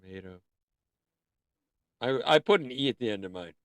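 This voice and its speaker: A man's voice: medium pitch, lively intonation, normal speed, no room sound. A man hosting a casual art livestream, rambling and easily sidetracked, breaking off to sing bits of songs. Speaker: livestream host.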